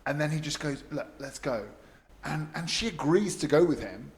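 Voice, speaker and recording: A man spinning animated stories in a relaxed chat. He laughs often, and his voice sits a little high. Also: brisk. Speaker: expat podcast guest. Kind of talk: casual storytelling chat.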